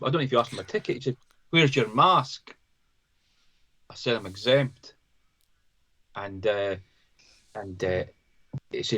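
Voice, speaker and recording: A man's voice: fairly high pitch, fairly bright tone. A man, a psychologist guest, telling stories in casual conversation, often restarting and repeating his words. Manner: halting, repeats words, storytelling.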